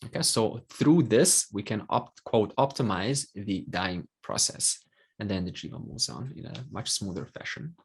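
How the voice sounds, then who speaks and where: Brief: male teacher, lower voice, calm explanatory class delivery. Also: normal speed, slightly rough. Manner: calm explanatory, many fillers. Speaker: Vedanta teacher.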